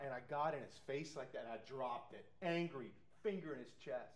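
A man's voice: medium pitch, a little fast, hardly any pauses. A middle-aged male pastor preaching and leading a Bible study, telling stories with acted quotes. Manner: animated storytelling with acted quotes.

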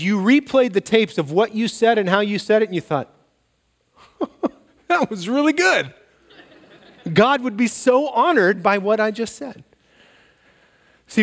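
A man preaching a sermon as pastor, telling stories and acting out bits of dialogue. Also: fairly high pitch. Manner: animated storytelling, acts out dialogue. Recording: long reverb of a large hall.

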